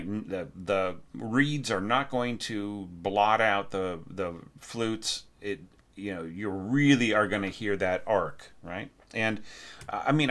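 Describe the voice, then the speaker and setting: A man's voice: lowish voice, fairly bright tone. A man teaching orchestration, giving feedback on a score while thinking aloud. He often sings the musical parts and asks "right?". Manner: frequent fillers and restarts, encouraging but direct. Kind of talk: spoken feedback lesson on a score.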